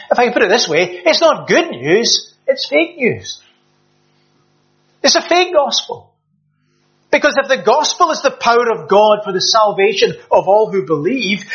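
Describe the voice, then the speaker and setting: A man's voice: high voice, a bit bright. Earnest male preacher, slightly muffled. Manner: earnest, emphatic, with repeated restarts. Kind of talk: sermon. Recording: slightly dull lo-fi sound.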